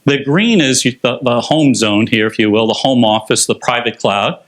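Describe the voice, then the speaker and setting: A man's voice: mid-range voice, normal speed. A man giving a conference presentation on technology, explaining slides step by step with frequent fillers.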